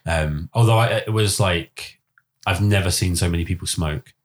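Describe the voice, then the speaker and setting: A man's voice: sits low, moderate pace, a little hiss or hum. A man with a Southern English accent hosting a podcast in a chatty, teasing way. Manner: chatty, teasing, slips into comic impressions. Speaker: podcast host. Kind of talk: casual interview chat.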